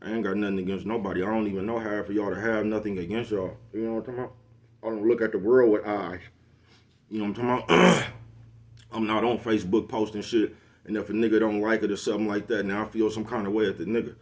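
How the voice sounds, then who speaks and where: A man's voice: lowish voice, steady tone, quick pace. A middle-aged man ranting casually to the camera, laid-back and slangy, always asking if you know what he's talking about. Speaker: vlogger hosting his own show.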